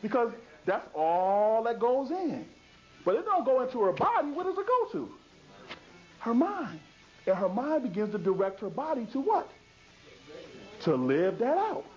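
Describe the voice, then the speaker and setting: A man's voice: very high-pitched, sing-song, moderate pace, a little mellow. A man giving a public lecture in an emphatic, repetitive way, asking rhetorical questions and answering them himself. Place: lecture hall. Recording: dull lo-fi 2000s video recording.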